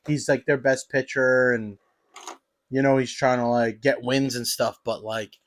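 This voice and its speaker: A man's voice: mid-range voice, steady tone, measured pace. A man co-hosting a podcast in casual, swearing chat with a buddy, laughing often. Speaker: podcast co-host.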